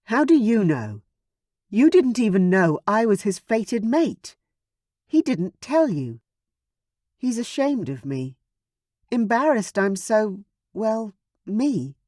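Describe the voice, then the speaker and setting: A man voicing a heartbroken young dragon-shifter woman who bursts into shrill, screaming anger. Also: very animated, slow, dry recording, clean studio sound, exaggerated voice. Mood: defiant.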